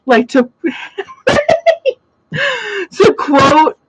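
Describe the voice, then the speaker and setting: A woman's voice: high-pitched, big pitch swings, extremely slow, background noise. A young woman chatting casually on a livestream from her plant-filled home, rambling with lots of "like" fillers and frequent laughs. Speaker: host. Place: home room full of plants.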